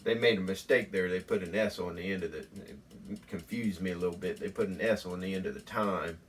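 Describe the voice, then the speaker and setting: A man hosting a mock home tutorial in a folksy, deadpan, rambling way. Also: deep voice, brisk, distant mic, a little hiss or hum. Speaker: host.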